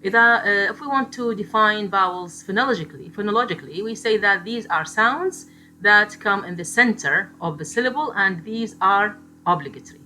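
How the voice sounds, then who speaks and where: A woman with Arabic as her first language teaching a phonetics lecture in English, explaining slowly and repeating example words, with Arabic asides. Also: medium pitch, sharp tone, slight background noise.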